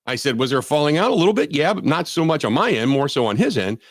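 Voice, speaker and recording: A blunt, opinionated man holds forth on sports radio, his pitch swinging up and down as he talks. He rambles and restarts his sentences. The studio sound is close and dry. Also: big pitch swings, fast, dry recording. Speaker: radio sports talk host.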